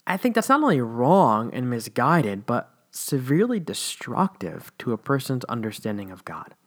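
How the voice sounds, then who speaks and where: A man's voice: mid-range voice, big pitch swings, moderate pace. Blunt, candid man in his thirties. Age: 30s. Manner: blunt and candid, with wry laughs. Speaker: former church teacher. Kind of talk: personal monologue.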